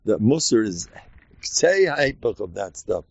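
A man teaching a Torah class in a lively way, acting out quoted voices and laughing often. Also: mid-range voice, normal speed, vocal fry, slightly rough, dry recording, dull audio.

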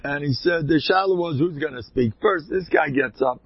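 A man with a rough, gravelly, husky voice tells long rambling anecdotes and breaks into emphatic bursts. The sound is dry and close. It is a dull, lo-fi recording. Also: medium pitch, normal speed, few pauses, no room sound. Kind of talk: casual spoken anecdotes.

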